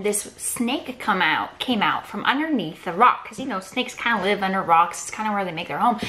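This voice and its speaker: A woman's voice: mid-range voice, expressive, normal speed, bright, forceful tone. A woman running a playful kids' drawing tutorial, telling a story and guiding each step. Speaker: art teacher for kids.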